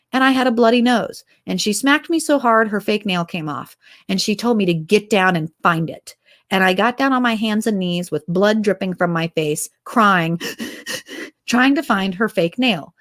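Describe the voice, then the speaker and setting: A woman hosts an opinionated commentary show with an ordinary, mid-pitched voice. She talks with passion, stacks up rhetorical questions and slips into other voices to act out conversations. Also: moderate pace, fairly bright tone. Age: adult mother. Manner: impassioned, fires off rhetorical questions; acts out quoted dialogue in other voices. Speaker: host.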